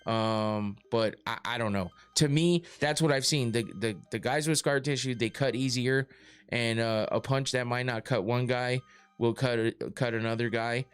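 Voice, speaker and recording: A man's voice: mid-range voice, steady tone, normal speed, clean tone, soft background music. A man hosting a casual podcast, rambling through his points with lots of fillers, restarts and swearing. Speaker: podcast host reading live chat.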